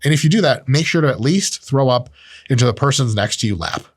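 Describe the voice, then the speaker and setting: Sex: man. Pitch: lively. Style: profane, jokey training talk. Sound: dry. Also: quick pace, no room sound. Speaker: strength training educator. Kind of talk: casual explanatory talk.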